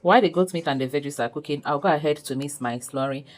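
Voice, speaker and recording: A woman's voice: low voice, fast, faint music behind, low-quality recording. A woman hosting a home cooking tutorial. She talks viewers through each step in a chatty way and laughs often. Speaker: cooking channel host. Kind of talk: casual cooking tutorial narration.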